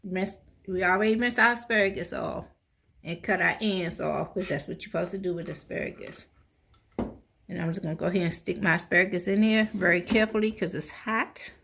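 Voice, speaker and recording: Woman cooking vlogger, lowish raspy voice, chatty and homey, talks to viewers directly. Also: brisk, fairly bright tone, slight background noise. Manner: chatty, talks to viewers as y'all, eats on mic. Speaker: cooking channel host. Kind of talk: casual cooking vlog.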